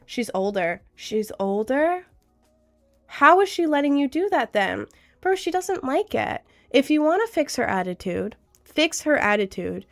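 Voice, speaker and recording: Young woman streamer, fairly high voice, earnest and rambling advice-giver with lots of "like"s. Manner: chatty, earnest, advice-giving with lots of fillers. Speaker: streamer giving relationship advice to chat. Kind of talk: casual livestream chat.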